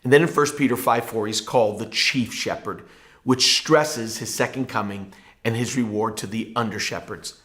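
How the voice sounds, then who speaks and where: A man's voice: fairly low pitch, moderate pace, a bit bright. A male pastor giving a devotional Bible teaching in an earnest, emphatic preaching manner.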